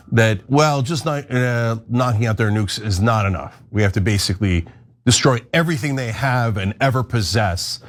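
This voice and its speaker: A man from the United States hosting a show, delivering a heated, blunt and profane political rant. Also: lowish voice. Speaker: host.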